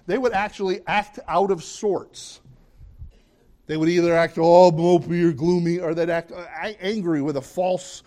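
A man preaching a sermon as a pastor, conversational and animated, often questioning the audience and acting out what people say. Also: high voice, moderate pace. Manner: animated, acts out quoted voices.

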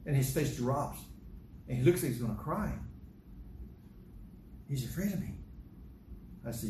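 Older preacher in an echoey room. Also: male voice, medium pitch, a little slow, long pauses. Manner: animated, acts out dialogue in different voices. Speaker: pastor. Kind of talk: sermon. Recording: echoey room with noticeable noise.

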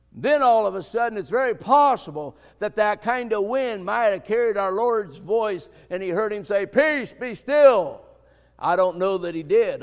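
A man preaching a sermon as pastor, folksy and conversational, building to fervent shouts. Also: high-pitched, big-room sound.

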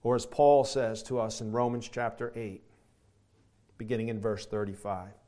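A man preaching a sermon, emphatic, moving from hushed reflection to shouted declarations. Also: fairly low pitch, steady tone, moderate pace. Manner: emphatic, swings from quiet to shouting.

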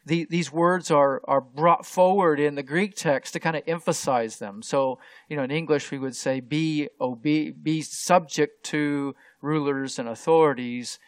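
A man's voice: a little high, no echo. A man preaching an expository sermon as a pastor, explaining the text step by step and pressing hard on key words. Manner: explanatory, with frequent restarts and stressed key words.

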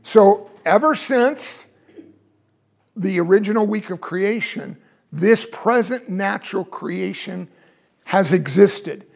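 A man's voice: high voice, takes it slowly, gravelly. A man teaching a Bible lesson, explaining and asking his listeners questions.

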